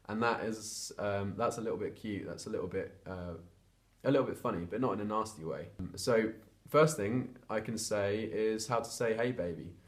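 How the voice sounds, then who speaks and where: A young man from England talking casually to camera, chatty and hesitant with lots of fillers and restarts. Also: lowish voice. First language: English. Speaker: vlogger.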